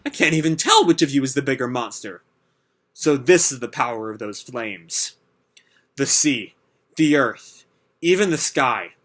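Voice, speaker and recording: A man voicing an anxious, excitable young woman heroine from a manga, with a much higher, breathless voice. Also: unhurried, long pauses. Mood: excited.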